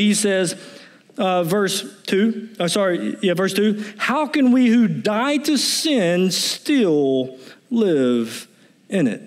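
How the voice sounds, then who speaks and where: A pastor preaching a sermon, explaining scripture verse by verse and driving his points home with emphatic repetition. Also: high-pitched. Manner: emphatic, building to animated repetition.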